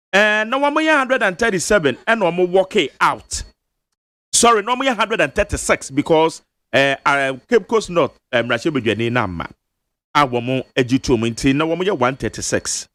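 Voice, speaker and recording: A man's voice: high-pitched, pushed and bright, no echo. A Ghanaian man hosting a radio talk show, reading legal text and explaining it step by step with emphasis. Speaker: radio host. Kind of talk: radio talk-show discussion mixing Twi and English. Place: radio studio.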